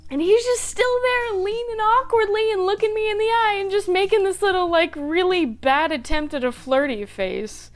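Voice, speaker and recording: A woman's voice: very high-pitched, moderate pace, hardly any pauses, faint music behind. A young woman vlogger telling personal stories casually, swearing freely and acting out her own reactions. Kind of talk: casual storytelling.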